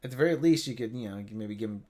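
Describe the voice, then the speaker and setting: A man's voice: fairly low pitch, racing, a little mellow, a little hiss or hum. A man co-hosting a livestream in casual chat, rambling and joking with lots of restarts. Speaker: livestream co-host.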